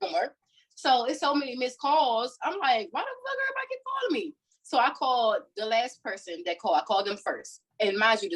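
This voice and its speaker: A woman co-hosting a podcast, telling a story in a heated, profane, animated way in casual chat. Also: on the high side, husky, low-quality recording. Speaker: podcast co-host.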